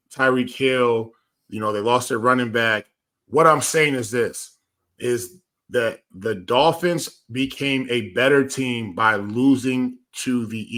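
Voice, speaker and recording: A man's voice: medium pitch, a bit bright. A man who used to play pro football, talking through game takes in an emphatic, storytelling way that often repeats itself. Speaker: former NFL player, co-host. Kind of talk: casual sports talk.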